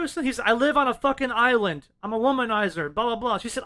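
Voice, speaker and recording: Casual male podcast co-host, high bright voice, easygoing and salty. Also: moderate pace. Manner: laid-back, profane, laughs often. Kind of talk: casual film discussion.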